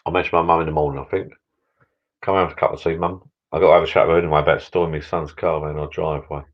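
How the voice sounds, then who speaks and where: Man, middle-aged, very low voice, rambling jokey live-stream host, dull lo-fi sound. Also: little pitch movement, rapid-fire. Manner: rambling, jokey, repeats words. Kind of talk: casual live stream chat. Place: backyard garden bar shed.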